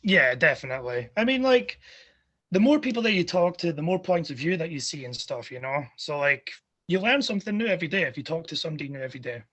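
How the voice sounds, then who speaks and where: An easygoing man speaking as a guest on a podcast, chatting casually. His voice is somewhat higher than most men's. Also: lively intonation, fast talker, fairly bright tone. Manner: easygoing, laughs often. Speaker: podcast guest, history teacher. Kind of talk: casual chat.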